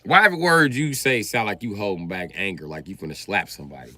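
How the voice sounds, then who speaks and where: A man hosting a livestream, riffing in an animated, profane comedic rant with sudden jumps in pitch. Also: fast talker, hardly any pauses. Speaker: livestream host.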